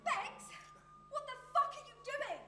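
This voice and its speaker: An actress playing a foul-mouthed young female protester on stage, shouting and alarmed. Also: extremely high pitch, a little slow, echoey room, far from the mic, background noise. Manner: shouty, swearing. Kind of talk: stage play performance.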